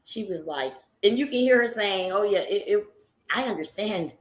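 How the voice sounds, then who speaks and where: A woman hosting a live stream, telling her viewers a story in a casual, animated way, laughing often and calling them y'all. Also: mid-range voice, normal speed, echoey room.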